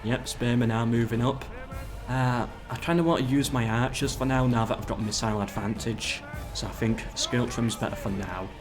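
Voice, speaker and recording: A mid-range male voice at normal speed comments casually on a live strategy game, with game music in the background. Chatting away, he orders his troops around and addresses his viewers.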